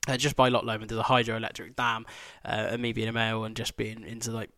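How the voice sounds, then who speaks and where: A man's voice: lowish voice, little pitch movement, quick pace, sharp tone, no echo. A man hosting a podcast, telling a rambling, sweary travel story with laughing asides. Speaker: podcast host.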